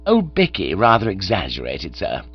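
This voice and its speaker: A chummy young English gentleman who smooths things over in breezy slang, as a male storyteller puts him on. His pitch is lively and well above the narration, and the recording is dull, with a steady hum underneath. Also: normal speed, full character voice.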